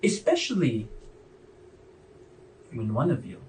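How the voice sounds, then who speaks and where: A man's voice: mid-range voice, huge pitch swings, slow pace, a little mellow, far from the mic, slight background noise, low-quality recording. A man voicing a stern dwarf warden woman. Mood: menacing. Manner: suspicious, coolly menacing, falsely sweet. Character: stern female dwarf prison warden with a limp.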